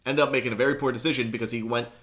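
A woman's voice: rumbling low, rapid-fire. A woman co-hosting a podcast, steadily walking through a movie plot in casual chat. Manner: steady, guides the recap step by step. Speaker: podcast co-host.

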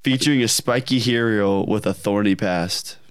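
A man's voice: on the low side, normal speed, clean tone, no echo, studio quality. A man co-hosting a gaming podcast, chatting casually and animatedly, often laughing. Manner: animated, laughing, putting on silly voices in anecdotes. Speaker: podcast co-host.

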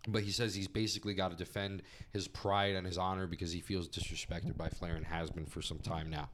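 A man's voice: low-pitched, little pitch movement, fairly quick, background noise. Man rambling through a casual recap. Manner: rambling, with many fillers and swearing. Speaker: podcast co-host. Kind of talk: casual chat recapping a wrestling event.

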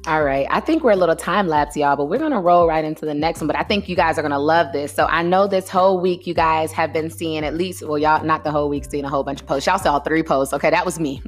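A woman co-hosting a podcast, telling a story in a lively way and acting out the people in it. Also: low-pitched, fast talker, hardly any pauses, soft background music. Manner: animated, acts out customers in voices. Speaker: podcast co-host. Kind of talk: casual chat, storytelling.

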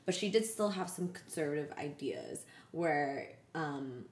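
Woman podcast co-host, deep voice, casual and attentive, echoey room. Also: animated, a little slow, a little mellow. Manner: short attentive backchannels. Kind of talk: casual chat.

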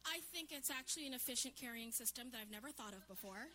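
A woman co-hosting a live podcast on a theatre stage, bantering with quick, dry jokes. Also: fairly high pitch, animated. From New York City. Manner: quick, dry, joking delivery. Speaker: podcast co-host.

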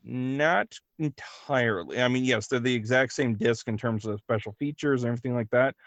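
Dry-sounding young man, precise and deliberate. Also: medium pitch, no room sound, highs cut off. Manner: deliberate, detail-focused, a little dry. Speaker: podcast guest. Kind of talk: casual chat.

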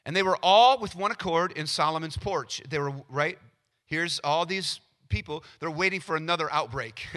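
Guy preaching a sermon, super bright voice, kinda high, acts out little scenes. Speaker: pastor.

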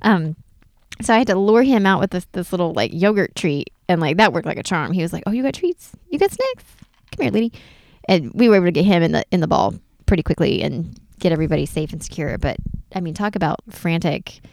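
A middle-aged woman co-hosting a casual chat show, telling a story in an animated way and acting out the voices. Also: on the low side, fast, dry recording, studio quality.

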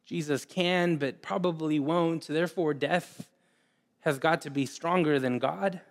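A man preaching a sermon in an earnest way, often repeating words and pausing. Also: a little high. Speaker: pastor.

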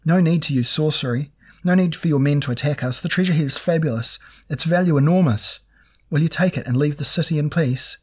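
A man's voice: on the high side, fairly quick, darkish tone, husky, voice pushed up. A man voicing a cringing, whining male merchant who pleads fearfully.

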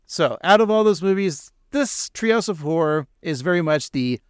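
A man's voice: fairly high pitch, lively intonation, normal speed, clean tone, no room sound. Jokey man with a dry close voice. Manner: jokey, rambling, laughs often. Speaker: podcast co-host. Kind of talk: casual podcast chat.

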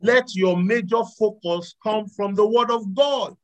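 Male preacher, high voice, animated, loud exclamations and soft asides, live sermon. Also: measured pace, low-quality recording. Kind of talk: sermon with audience call-and-response.

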